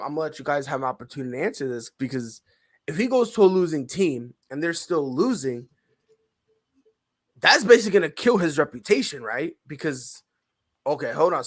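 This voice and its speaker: A man hosting a sports talk show, joking loudly and acting out little scenes as he argues. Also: a little high, expressive, brisk. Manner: loud, joking, acts out voices. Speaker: show host.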